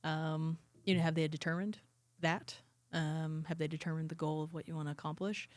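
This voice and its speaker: A woman talking as a podcast co-host in casual chat, measured and thoughtful, posing rhetorical questions. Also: low voice, flat delivery, darkish tone, no room sound.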